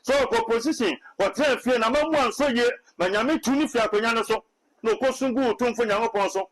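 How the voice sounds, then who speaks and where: Ghanaian male prophet, high voice, preachy and halting. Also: rough recording. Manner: preachy, repetitive, hesitant restarts. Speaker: self-styled prophet. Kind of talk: animated Twi commentary mixed with English.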